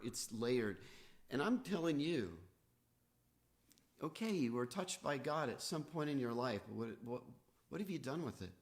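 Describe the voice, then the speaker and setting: A man preaching a sermon as pastor, earnest, with rising and falling emphasis. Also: mid-range voice. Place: church, livestreamed.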